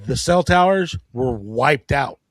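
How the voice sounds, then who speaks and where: A man's voice: medium pitch, expressive, slow pace, dry recording. A man chiming in with short remarks during a casual live-stream chat.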